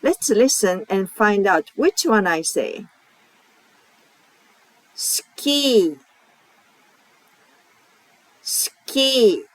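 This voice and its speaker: A woman with a Japanese accent teaching pronunciation, repeating each example word slowly and carefully. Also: mid-range voice, expressive, dry recording, rough recording. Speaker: language teacher. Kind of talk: slow, clear pronunciation lesson.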